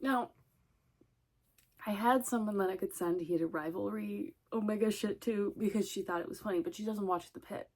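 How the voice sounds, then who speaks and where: A woman's voice: mid-range voice, normal speed, darkish tone. A woman rambling casually in a vlog, chatty and swearing, often breaking into laughter. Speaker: vlogger.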